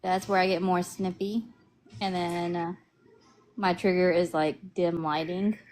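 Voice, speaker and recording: A woman joining a live panel over a video call, talking slowly and thoughtfully. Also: lowish voice, level tone, darkish tone. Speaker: panel guest. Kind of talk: casual live chat.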